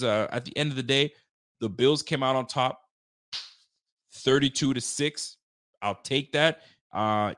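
A man in his thirties runs a casual post-game sports chat, loose and joking, full of slang and quick laughs. His voice sits at an ordinary middle pitch. The recording is dry and close, with no room sound. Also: fairly bright tone, no echo. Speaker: sports podcast host. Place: Nova Scotia.

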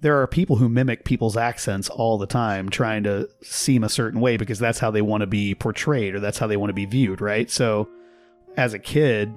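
Measured man explaining on a podcast. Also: fairly low pitch. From Texas. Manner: explanatory, measured, laughs at his own examples. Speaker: podcast guest, linguist. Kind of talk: casual conversation.

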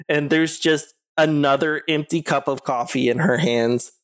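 A man's voice: on the high side, fairly even intonation, a little slow, a bit bright. A man narrating a tabletop game as game master, rambling with lots of "like" and frequent giggles. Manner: giggly, rambling with many likes.

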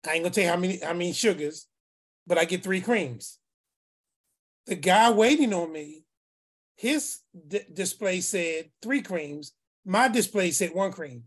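Husky-voiced man telling a story. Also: sits high, measured pace. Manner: animated, acts out the people in his story. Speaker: class participant. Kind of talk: casual storytelling.

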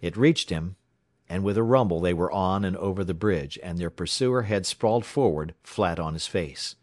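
Male audiobook narrator, very low pitch, steady measured read, dry close sound. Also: dry recording.

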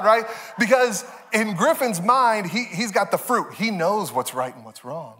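Brief: male pastor, thirties, lively sermon storyteller, slightly higher voice. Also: normal speed, few pauses. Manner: animated storytelling, jumps high for quoted voices.

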